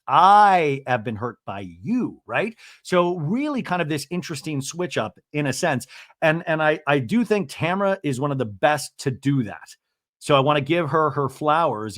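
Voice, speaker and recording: A man hosting a podcast, giving an animated, chatty recap of a reality-TV episode and often asking listeners "right?". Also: mid-range voice, no room sound, studio quality. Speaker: podcast host.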